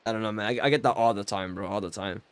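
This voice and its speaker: A man's voice: fairly low pitch, very fast, clear, resonant tone, no room sound. A man streaming a game live, chatting casually with his viewers and teasing them with mock offense. He often stammers and repeats words as he jokes. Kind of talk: casual live-stream chat while playing.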